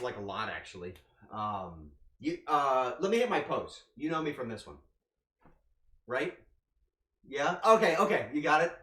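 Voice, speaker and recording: A man's voice: mid-range voice, sing-song, measured pace, fairly bright tone, breathy edge. A man streaming as a VTuber, telling a rambling story straight to his chat and swearing freely. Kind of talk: casual storytelling to live chat.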